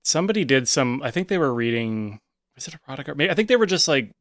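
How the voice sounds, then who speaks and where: A man's voice: mid-range voice, big pitch swings, fast talker, fairly bright tone. A man hosting a live comedy stream, joking in a wry, dry way.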